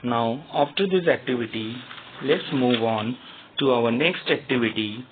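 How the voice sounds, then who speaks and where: A man's voice: medium pitch, unhurried, background noise. A male teacher giving a grammar lesson to young students, spelling words out letter by letter. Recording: tinny phone-like sound.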